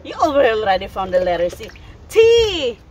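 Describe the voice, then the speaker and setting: A woman teaching her toddler letters and animal sounds at home, sounding out words slowly and encouraging them. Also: high voice, very animated, a bit bright, a little hiss or hum. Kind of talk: playful home learning session.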